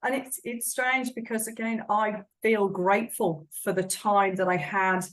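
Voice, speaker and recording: A middle-aged woman hosting a casual interview, speaking gently and attentively. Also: medium pitch, steady tone, a little slow, poor audio. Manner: gentle, attentive, quietly affirming. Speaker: podcast host.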